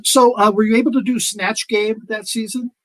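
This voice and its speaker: A man with a high voice hosts a talk show, tossing out short questions and laughing along with his guest. The sound is dry and close. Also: fairly even intonation, moderate pace, fairly bright tone, dry recording. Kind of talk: interview questions.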